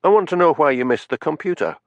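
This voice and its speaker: A man voicing a calm, dry-witted village policeman in an audiobook. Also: fairly high pitch, quick pace, no echo, voice pushed up. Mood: inquiring.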